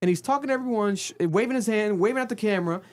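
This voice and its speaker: Man, podcast co-host, casual recap chat, somewhat high pitch, animated storytelling. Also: racing. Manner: animated storytelling, acts out quotes with big pitch jumps. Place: podcast studio.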